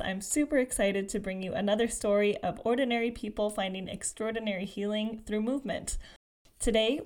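A woman hosting a podcast, upbeat and gushing, interviewing a guest with many fillers. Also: mid-range voice. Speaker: podcast host.

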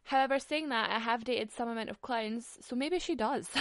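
A woman's voice: on the high side, moderate pace, no echo. Young scottish woman, podcast host, frank and sweary, laughing, dry close sound. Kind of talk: casual solo podcast chat.

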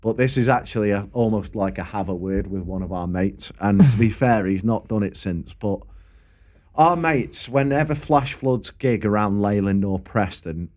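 A man's voice: fairly low pitch, normal speed. Sweary man telling gig stories. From England. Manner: sweary, animated storytelling, acts out the people he quotes. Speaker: podcast co-host and gigging musician.

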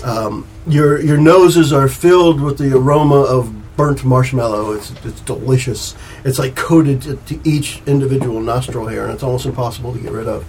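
A man's voice: mid-range voice, moderate pace, darkish tone, a little hiss or hum, low-quality recording. A man narrating a tabletop game as game master, rambling with restarts and laughing often.

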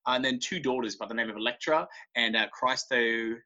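A man's voice: medium pitch, fairly quick, pushed and bright, dull audio. A man co-hosting a podcast, retelling myths in a laid-back, slangy way with casual swearing. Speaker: podcast co-host. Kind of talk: casual storytelling chat.

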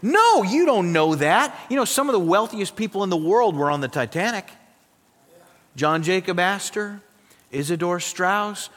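A pastor from South Dakota delivering a sermon, emphatic and swinging between loud passages and hushed ones. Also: male voice, high voice, animated, normal speed, in a large hall.

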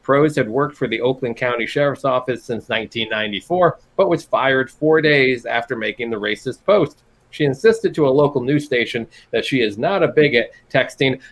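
A man's voice: medium pitch, fairly bright tone. Wry man reading news with jokes. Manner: wry, reads news items with jokey asides. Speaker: podcast co-host. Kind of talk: casual news-commentary chat.

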